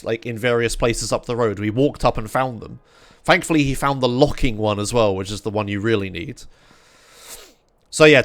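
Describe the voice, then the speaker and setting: A man's voice: mid-range voice, fairly bright tone. A young British man, a streamer, telling a rambling story to his chat, swearing freely and full of fillers.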